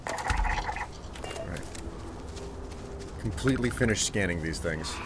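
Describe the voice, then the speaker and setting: A man's voice: low voice, expressive, slow, very noisy. A man streaming a game live, chatting casually with viewers, thanking them for gifts and sounding exasperated at their requests.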